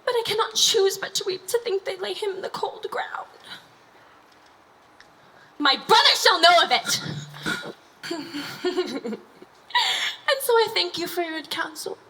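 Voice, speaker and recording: Woman playing Ophelia, a mad young noblewoman, very high. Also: slow, pauses often, faint music behind, heavily acted, poor audio. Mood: wistful. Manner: singsong, drifting, laughing softly. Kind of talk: stage Shakespeare acting.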